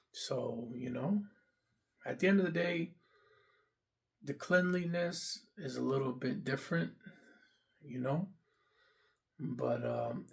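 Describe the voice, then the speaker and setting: Gravelly man ranting bluntly. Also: medium pitch. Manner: blunt and profane, rambling with many fillers. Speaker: vlogger giving dating opinions. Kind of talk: casual ranting monologue.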